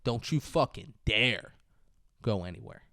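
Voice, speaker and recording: A man's voice: mid-range voice, expressive, measured pace, pushed and bright, no echo, clean studio sound. A man co-hosting a podcast, casually recapping a film, swearing freely and acting out the characters' lines. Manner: profane, retells scenes acting out lines. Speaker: podcast co-host. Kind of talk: casual movie recap chat.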